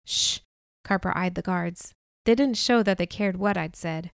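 Woman reading a novel aloud, steady clear voice, super dry close mic. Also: lowish voice, normal speed, no echo. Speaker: audiobook narrator. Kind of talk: first-person audiobook narration.

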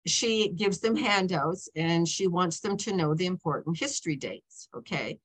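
A woman in her seventies tells stories in a casual author talk, with a voice that sits fairly low. She rambles, breaks off mid-sentence, and keeps checking in with "okay?" and "you know.". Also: normal speed, husky. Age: 70s.

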